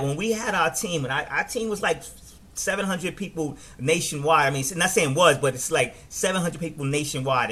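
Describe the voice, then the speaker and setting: Animated New York man giving a training talk. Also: on the high side. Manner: animated, repeats and restarts words. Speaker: network marketing trainer. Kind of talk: casual live training talk.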